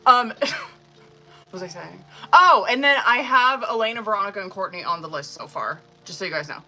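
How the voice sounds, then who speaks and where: A woman's voice: mid-range voice, lively intonation, normal speed, bright, forceful tone, faint music behind, rough recording. A young woman, a tarot reader, chatting casually with her live-stream viewers, laughing often and swearing freely.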